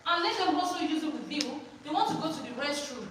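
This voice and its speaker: Her voice is high and expressive, moving at a moderate pace, as she runs a teacher training workshop built on call-and-response drills where listeners complete her sentences. The recording comes from far off in an echoey hall with background noise.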